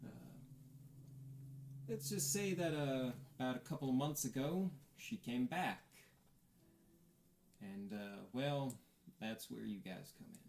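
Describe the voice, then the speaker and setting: A man's voice: medium pitch, slow, creaky, long pauses, darkish tone. A man playing a hesitant small-town priest. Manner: hesitant, filler-heavy delivery. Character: middle-aged human male town priest, calm.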